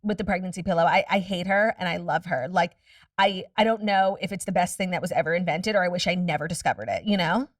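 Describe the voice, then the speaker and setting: As a podcast guest, a woman with a lowish voice rattles off stories quickly, candid and full of profanity in a casual chat. The recording is clean and studio-like with no room sound, but her mic is distant.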